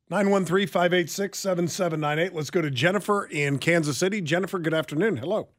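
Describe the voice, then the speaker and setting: Guy hosting a radio call-in show, kinda high voice, dry sarcastic delivery. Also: fast talker, hardly any pauses, dry recording. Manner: wry, conversational, blunt. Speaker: radio talk show host. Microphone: studio microphone.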